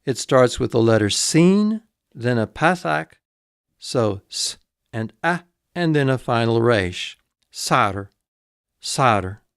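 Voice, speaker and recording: A man teaching vocabulary in a recorded lesson, repeating each word slowly and spelling it out letter by letter. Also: mid-range voice, animated, gravelly, smooth, no echo, studio quality. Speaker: instructor.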